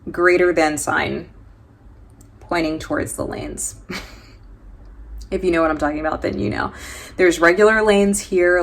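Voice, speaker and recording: A woman from New York with an American accent, chatting casually in a travel vlog, joking and laughing often with plenty of fillers. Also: sits low. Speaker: travel vlogger.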